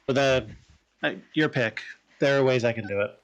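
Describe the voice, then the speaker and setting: A man chats casually while playing a video game on a stream, laid-back and dry. His voice is smooth and clear, at a middle pitch. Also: normal speed, muffled recording. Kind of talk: casual let's-play chat.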